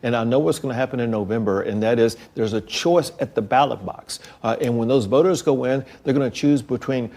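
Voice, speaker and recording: A man's voice: mid-range voice, a little fast, few pauses, a little mellow. A man from Texas, a politician answering interview questions, insistent and on-message with frequent restarts. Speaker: politician guest.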